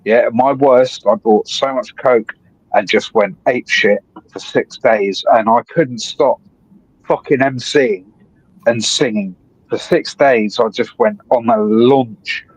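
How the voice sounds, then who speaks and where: A man, calling into a live stream and rambling excitably with plenty of swearing. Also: medium pitch, slow pace, husky, dry recording. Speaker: guest caller on a live stream. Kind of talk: rambling casual chat. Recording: dull dry call audio.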